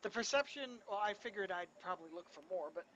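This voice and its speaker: A man's voice: high voice, lively intonation, fast talker, pushed and bright, muffled recording, a little hiss or hum. A man playing a tabletop game over a voice call, brash and profane, firing off rules questions. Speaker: player. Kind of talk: casual tabletop game chat. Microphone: online voice call.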